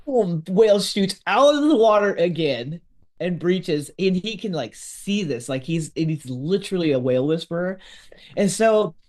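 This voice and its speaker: Man, slightly high voice, animated storytelling, acts out quotes, casual podcast chat. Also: normal speed. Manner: lively, acts out quotes of others. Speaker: podcast host telling a story.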